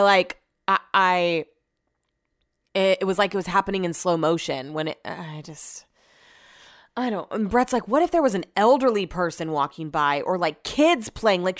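A woman's voice: medium pitch, a bit bright. Chatty swearing Californian woman vlogger. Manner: chatty, swears often, rambling with restarts. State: shaken and upset. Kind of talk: casual storytelling vlog.

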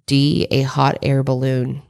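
Blunt low-voiced woman joking around. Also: little pitch movement, a little slow, gravelly, darkish tone. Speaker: podcast co-host. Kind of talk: casual quiz game chat.

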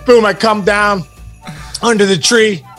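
Animated high-voiced storytelling guy. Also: unhurried, faint music behind. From Pittsburgh area, USA. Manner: animated storyteller who acts out quoted voices. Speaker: podcast co-host. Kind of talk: casual storytelling chat.

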